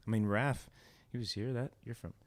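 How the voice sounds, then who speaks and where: A man's voice: medium pitch, fairly even intonation, normal speed. A man hosting his own music livestream at home, chatting casually and rambling a little as he greets viewers by name.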